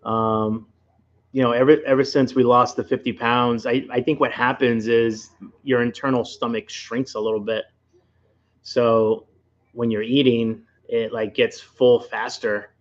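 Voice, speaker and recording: This late-night livestream host, a man with a Rhode Island accent, chats and rambles straight to viewers from home in a casual way. His mid-range voice is flat and a little slow, and the high frequencies are cut off.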